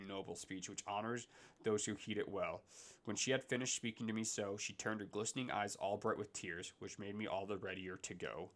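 A young man hosts a casual solo podcast, drifting from one tangent to the next. He pokes fun at himself as he goes. His voice sits low yet has a bright, forceful tone. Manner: rambling, digressive, self-deprecating. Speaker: podcast host.

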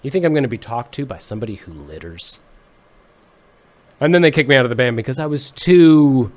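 Deadpan joking young man. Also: mid-range voice, a little fast. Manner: deadpan joking, mock-serious. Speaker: podcast guest, musician. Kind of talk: casual comedic chat.

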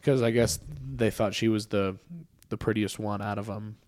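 A man co-hosting a podcast in casual chat, talking freely with fillers and getting animated when he makes a point. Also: fairly low pitch, normal speed, no echo. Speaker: podcast co-host.

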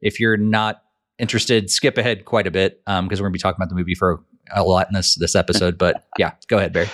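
Male podcast host, relaxed, rambling delivery, lower pitch. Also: quick pace. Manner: rambling, many fillers and restarts, asks questions. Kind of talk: casual podcast chat.

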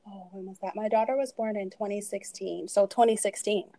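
Woman in her 30s, podcast guest, mellow warm voice, chatty, laughs a lot between thoughts. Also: mid-range voice, fairly even intonation, brisk, dry recording. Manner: conversational, frequent fillers and laughing asides. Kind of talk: candid personal storytelling.

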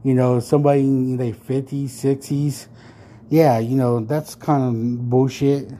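A man's voice: mid-range voice, flat delivery, a little slow, noisy background. Profane, rambling man in his thirties. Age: 30s. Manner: profane, rambling, full of fillers; turns loud and heated when worked up. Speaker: podcast host. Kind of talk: casual storytelling rant.

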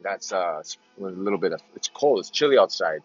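Low-voiced man rambling on a lo-fi podcast. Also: expressive, fairly quick, no echo, soft background music. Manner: meandering, repeats phrases, slips into silly greeter voices. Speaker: podcast host. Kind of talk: rambling casual monologue.

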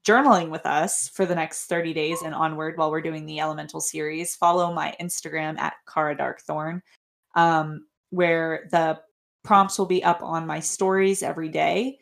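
Woman podcast co-host, low gravelly voice, chatty and loose. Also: level tone, normal speed. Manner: rambling, restarts, laughs often. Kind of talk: casual podcast chat.

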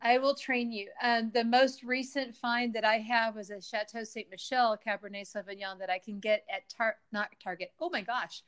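A woman's voice: fairly high pitch, fairly even intonation, normal speed, few pauses, a bit bright, clean tone. Chatty middle-aged woman podcast host. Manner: chatty and enthusiastic. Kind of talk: casual chat.

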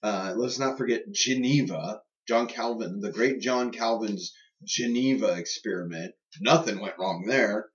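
A man's voice: lowish voice, a little slow, hardly any pauses. A man co-hosting a podcast, chatting casually and joking about faith and government. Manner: joking, puts on silly party voices. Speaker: podcast co-host. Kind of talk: casual chat. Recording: distant, muffled lo-fi sound.

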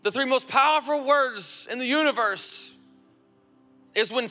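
A man, a father of a young son, preaching a sermon and calling on the congregation to repeat phrases back, swinging between loud urging and hushed reflection. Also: extremely high pitch, very animated, measured pace. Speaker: pastor. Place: church auditorium. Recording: long hall reverb, music faint behind.

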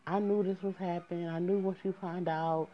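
Woman quoting a remorseful man, pleading and apologetic; low pitch, dull recording. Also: steady tone, moderate pace, a little hiss or hum, close to an everyday voice.

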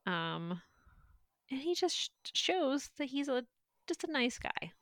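Woman, podcast co-host, casual chat, playful, quick laughs, dry close sound. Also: high-pitched, big pitch swings, a bit bright, no room sound.

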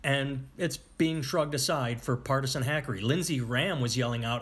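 A man's voice: medium pitch, expressive, moderate pace, hardly any pauses, fairly bright tone, breathy edge. A man vents about politics in a loose, casual conversation. He sounds irritated and keeps stopping and restarting his sentences as he works through his points. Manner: frustrated, rambling with restarts.

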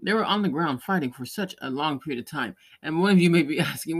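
A man's voice: on the high side, animated, quick pace, hardly any pauses, fairly bright tone, slightly rough. A man hosting a podcast, telling a rambling story in casual chat, with many restarts and light laughs. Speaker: podcast host; parent or caregiver.

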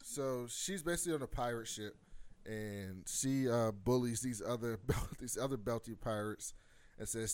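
A man's voice: mid-range voice, moderate pace, dry recording. Casual man recapping a TV episode. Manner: animated storytelling, acts out quotes. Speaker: podcast co-host.

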